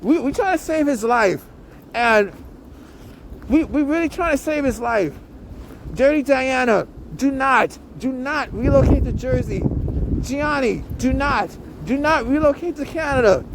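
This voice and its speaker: Male podcast host, high animated voice, angry stammering rant, windy outdoor recording. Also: measured pace. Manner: heated, repetitive, swearing, stammering restarts.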